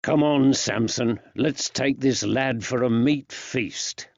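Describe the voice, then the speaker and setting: A man reading an audiobook, voicing a steady police detective who speaks in a firm, soothing, reassuring way, a touch raised and louder than his narration. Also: medium pitch, slow, creaky, dry recording, lo-fi sound. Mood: kindly.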